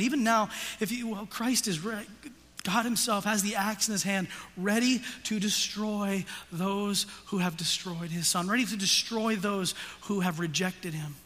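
A male pastor preaching an intense sermon, swinging from hushed whispers to loud, urgent passages. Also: high voice, normal speed. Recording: long hall reverb.

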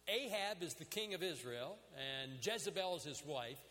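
A man's voice: a little high, animated, normal speed, sharp tone, long reverb tail. A man preaching a sermon, retelling scripture stories in an earnest way and acting out the quoted prayers with drama. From United States.

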